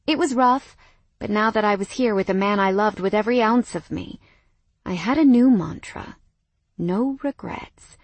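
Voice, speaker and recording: Breathy woman reading romance aloud. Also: medium pitch, dry recording. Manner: soft, intimate, often dropping to a whisper. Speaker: audiobook narrator. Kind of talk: first-person romance audiobook narration.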